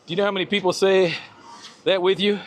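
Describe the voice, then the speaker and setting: A man's voice: high-pitched, steady tone, quick pace, slight background noise. A man walking outdoors on a live stream, chatting casually with viewers and greeting them by name. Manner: laid-back, greets chat viewers by name. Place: outdoors on a walk.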